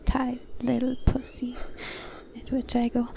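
Slow whispering woman, whispered role-play. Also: on the high side, level tone, a little hiss or hum. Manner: breathy whispering with frequent soft laughs. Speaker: erotic audio narrator.

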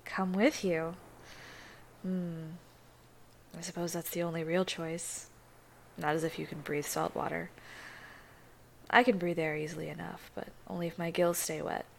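A woman voicing a seductive, teasing female angler mermaid in a breathy, sultry whispered role-play. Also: on the low side, little pitch movement, unhurried, pauses often, a little hiss or hum.

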